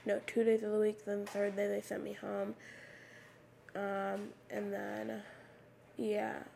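A teenage girl hosting her own podcast, raspy with a slight lisp on her s sounds, rambling casually with lots of "like" fillers into a USB microphone. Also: mid-range voice, monotone, slow, dark tone, slight background noise. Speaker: podcast host. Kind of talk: casual solo podcast talk. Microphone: USB microphone at a computer.

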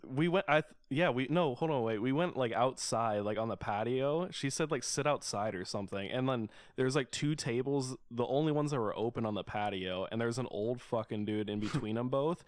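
Smooth-voiced young man telling a story. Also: medium pitch, moderate pace, few pauses, no room sound, studio quality. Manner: laid-back storytelling, swears freely. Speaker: podcast host. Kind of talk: casual chat.

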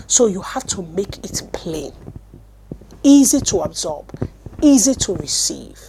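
A Nigerian woman teaching a sermon, animated storytelling that swings from loud bursts to hushed words, speaking into a mic at a desk. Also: medium pitch, a little slow, slight background noise. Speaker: apostle and teacher.

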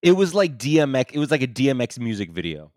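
Animated man telling a wild story. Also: mid-range voice, fast talker, no room sound, clean studio sound. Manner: animated, laughing often, swearing, acting out quotes loudly. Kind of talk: casual storytelling chat.

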